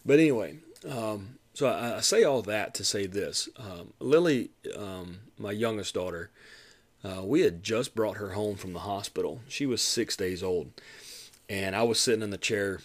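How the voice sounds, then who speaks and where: A middle-aged man with a fairly low voice tells a personal story in a loose, rambling way. He restarts his sentences often. He gets animated when he acts out what people said. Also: moderate pace. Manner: rambling, many restarts, rises to animated retelling of quotes. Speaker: podcast host.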